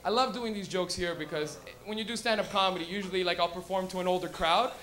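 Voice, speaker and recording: A man's voice: high-pitched, fast talker, a crowd in the background. A young man doing live stand-up comedy on a club stage, rowdy and profane, acting out everyday scenes in silly voices.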